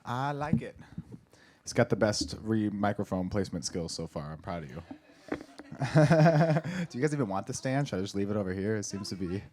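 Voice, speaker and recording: A man with a fairly low voice emceeing a comedy night. He banters loosely with the crowd between acts. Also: big pitch swings, fairly quick, darkish tone, a little hiss or hum. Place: comedy club stage.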